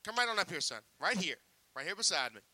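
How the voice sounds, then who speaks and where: A man doing sideshow magic patter on stage, teasing a volunteer with jokes. His voice sits high for a man and sounds very bright and forward. The sound is dry and close. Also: sing-song, fast, no echo. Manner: joking, teasing showman banter.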